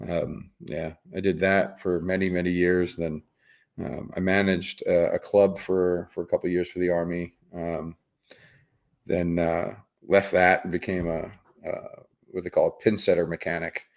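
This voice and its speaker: Deep-voiced and flat in delivery, a middle-aged man moves at a moderate pace as he hosts a laid-back livestream. He reads his chat, wandering off topic, teasing viewers, chuckling often and repeating words.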